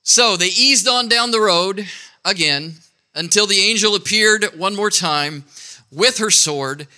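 A man with a high-sitting, sharp-toned voice speaks a little slowly. Telling a Bible story aloud to an audience, he ad-libs playfully, corrects himself, and directs volunteers who act it out.

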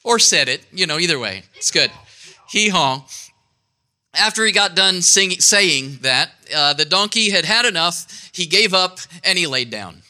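A man's voice: high-pitched, expressive, moderate pace, few pauses, bright, forceful tone. A man telling a Bible story aloud to an audience, ad-libbing playfully and directing volunteers who act it out. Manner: playful, ad-libbing, self-correcting.

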